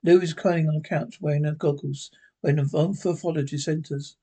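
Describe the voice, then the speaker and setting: A man's voice: on the high side, steady tone, a little fast, dark tone, breathy edge. Man stumbling through script directions. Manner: plain, stumbling read. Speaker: reader. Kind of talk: reading a script aloud.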